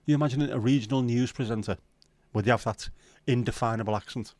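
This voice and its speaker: A man's voice: medium pitch, fast talker, darkish tone, no echo. A man with a Liverpool accent hosting a livestream, chatting casually and bluntly with plenty of swearing while reading viewer comments. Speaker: livestream host.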